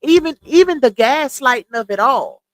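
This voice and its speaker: A woman with a slightly high voice and runs a casual livestream, talking bluntly and with exasperated, gossipy commentary. She is recorded close up on a dry mic. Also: expressive, moderate pace, no echo, poor audio. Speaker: livestream host.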